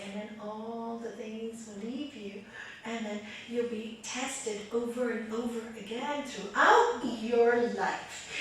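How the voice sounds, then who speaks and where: Brief: woman meditation teacher, higher voice, animated storyteller, distant mic in a very echoey room. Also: a little hiss or hum. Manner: lively, chatty, often laughing while telling anecdotes. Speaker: raja yoga teacher. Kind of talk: spiritual talk to a small group.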